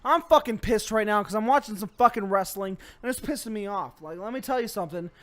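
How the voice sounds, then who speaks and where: Young male co-host, very high voice, furious profane rants, comic delivery. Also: fast talker, a bit bright. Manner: angry ranting, heavy swearing. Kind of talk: profane comedic rant.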